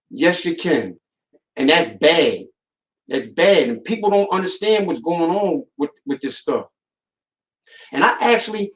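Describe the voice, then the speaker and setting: A man holds forth on his podcast in a casual, storytelling monologue. His voice sits slightly high for a man. He hammers his points home through repetition and gets animated when recounting what others said. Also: low-quality recording. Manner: animated, rising in pitch when recounting dialogue; emphatic and repetitive. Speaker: podcast host.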